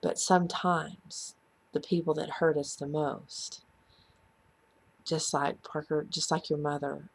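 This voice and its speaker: A woman earnestly sharing a painful personal story in a halting, confessional way. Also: sits low, flat delivery, gravelly, slight background noise. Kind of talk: heartfelt personal testimony.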